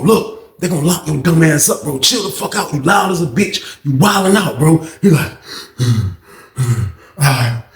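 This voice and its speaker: A man spins a casual storytime with lively swings in pitch, his voice gravelly and rough at the edges. He slips into the voices of the people in his tale and talks in loose slang. The sound carries a roomy echo. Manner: animated, slangy storytelling with acted-out quotes.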